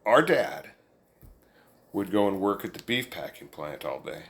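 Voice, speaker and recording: A man's voice: fairly low pitch, sing-song, a little slow. A man telling a family story in a casual, folksy, rambling way, chuckling along as he goes. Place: indoors, room with an amplifier.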